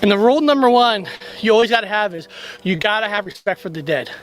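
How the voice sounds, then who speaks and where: A man's voice: sits high, lively intonation, fast, a bit bright, slight background noise, poor audio. A man hosting a ghost-hunting vlog, talking bluntly and casually outdoors in hillside woods, out of breath from the climb. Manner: blunt, chatty, swears casually. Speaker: ghost-hunting show host. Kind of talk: casual on-site vlog talk.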